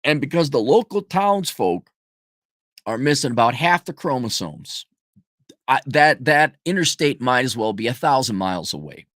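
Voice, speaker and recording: A man's voice: medium pitch, big pitch swings, normal speed, fairly bright tone, dry recording, clean studio sound. A man giving a casual, blunt, profane rant in a sarcastic tone. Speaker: commentator. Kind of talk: casual ranting monologue.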